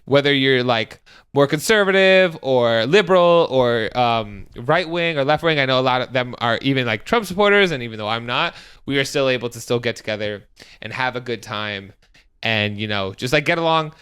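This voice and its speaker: Animated, bright-voiced young man. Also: normal speed, clean tone. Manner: animated storyteller, acts out quotes with high squeals. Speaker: podcast co-host. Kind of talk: casual chat.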